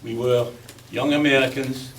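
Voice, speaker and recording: A man's voice: medium pitch, steady tone, moderate pace, a bit bright. Older Belgian-accented man speaking from afar. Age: 80s. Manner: chatty and joking, with emphatic repetition. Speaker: veteran guest speaker. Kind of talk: informal speech to an audience. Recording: distant mic with faint background noise.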